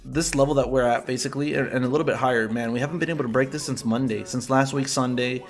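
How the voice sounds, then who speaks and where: A man's voice: medium pitch, fairly even intonation, fast talker, soft background music. A young man casually hosting a live trading stream, chatting loosely with viewers, swearing often and breaking into laughter. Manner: loose, profane, bursts of laughter. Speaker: livestream trading host. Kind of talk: casual livestream chat with viewers.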